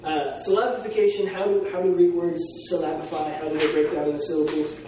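A man teaching a Greek class, explaining pronunciation and sounding out words slowly. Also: a little high, steady tone, warm tone. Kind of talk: classroom lecture. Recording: echoey room from far off, faint noise.

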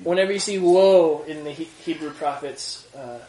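A man's voice: a little high, crowd noise. Man teaching a Bible class in a roomy room. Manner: animated, reads scripture slowly and wails the word oi. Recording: roomy classroom from a distance, faint noise.

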